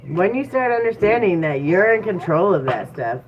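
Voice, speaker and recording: A woman's voice: medium pitch, very animated, normal speed. A woman giving a casual livestream tarot reading, chatty and encouraging, with frequent fillers. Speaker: tarot reader. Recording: tinny phone-like audio with faint noise.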